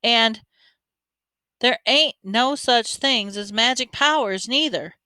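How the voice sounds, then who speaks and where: A woman's voice: a little high, slow, sharp tone, no echo, pitched above the performer's own voice. A woman reader voicing a tough teenage boy who talks slangy and bossy to his little brother. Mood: scolding. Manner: slangy, scolding, street talk.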